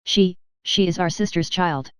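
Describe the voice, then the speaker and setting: Kind tender aunt read by a woman, soft gentle delivery, low smooth voice. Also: unhurried, dry recording, studio quality, natural voice.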